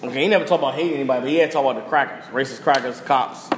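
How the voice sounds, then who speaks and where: A man's voice: mid-range voice, rapid-fire. A young man hosting a podcast, delivering a blunt, emphatic rant full of slang and repeated phrases for punch. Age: young adult. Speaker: podcast host. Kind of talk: heated casual rant. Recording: roomy reverberant room with faint noise.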